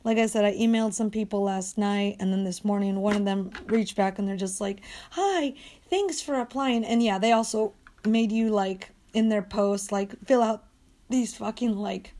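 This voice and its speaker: Hoarse woman ranting, heavy swearing. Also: mid-range voice, level tone, normal speed, mellow. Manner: profane, ranting, exasperated. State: hoarse, strained voice. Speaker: dog walker and coach. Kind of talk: angry venting monologue.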